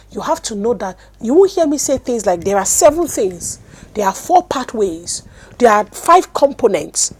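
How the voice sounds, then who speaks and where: A Nigerian woman teaching a sermon, animated storytelling that swings from loud bursts to hushed words, speaking into a mic at a desk. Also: medium pitch, a little hiss or hum. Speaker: apostle and teacher.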